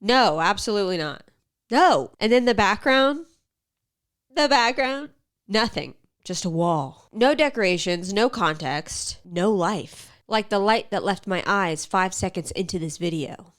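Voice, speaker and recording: A woman's voice: mid-range voice, lively intonation, a little slow, fairly bright tone. Sarcastic, exasperated woman host. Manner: sarcastic, exasperated, drops into whispers. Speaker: commentary host. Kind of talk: casual reaction commentary.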